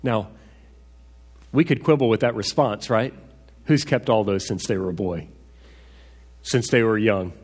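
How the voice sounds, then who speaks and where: A man's voice: on the low side, a little slow, pauses often, husky. A man preaching a sermon as a pastor, conversational and asking rhetorical questions. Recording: echoey hall reverb.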